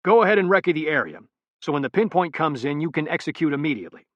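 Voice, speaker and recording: A gruff male commander barks clipped orders at his operative, as a man puts him on for an audiobook. He sits higher and louder than the reader's own voice. His tone is sharp and tense, close and dry. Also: expressive, fast, no echo, muffled recording. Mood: urgent. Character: gruff male task force commander, urgent and firm.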